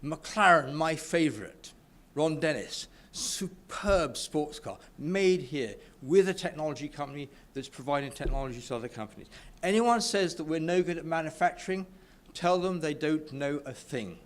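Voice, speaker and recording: With a fairly high, expressive voice at a moderate pace, a man from the UK speaks informally and enthusiastically to a live audience in an event room at a business networking event. He often stumbles and restarts his sentences.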